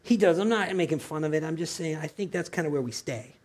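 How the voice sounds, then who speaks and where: A man's voice: a little high, quick pace. A man preaching a sermon in a loose, conversational way, full of asides and rhetorical questions to his congregation. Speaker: pastor.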